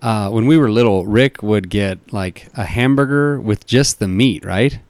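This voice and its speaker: A young man in casual podcast chat who jokes with his co-host and then muses at length, full of likes and sort-ofs. His voice sits a little low. The sound is dry, with no room echo. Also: a little slow, darkish tone, smooth. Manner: joking banter, then earnest musing with many fillers.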